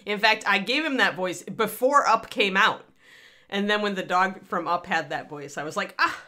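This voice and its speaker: A woman's voice: mid-range voice, moderate pace, sharp tone. A woman hosting a casual livestream chat, rambling along with grumbling asides. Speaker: host.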